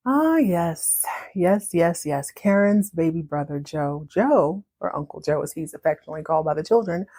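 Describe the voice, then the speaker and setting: A woman hosting a podcast, recapping a story in a chatty, animated way and laughing often. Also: lowish voice. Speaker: podcast host.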